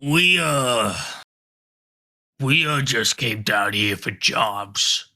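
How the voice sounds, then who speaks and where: A man voicing a crude, dismissive male bugbear grunt in a tabletop game, blunt, rough and swearing. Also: medium pitch, lively intonation, extremely slow, sharp tone, heavily acted. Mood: scornful. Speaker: game master.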